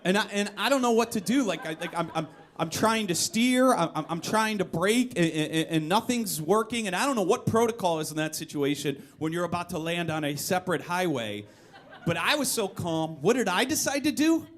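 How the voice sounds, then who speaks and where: Animated man telling a story on stage. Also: a little fast, a little hiss or hum. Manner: animated, shouts quoted lines in a high voice. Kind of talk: live one-man comedy storytelling. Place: live music venue stage. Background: audience laughter.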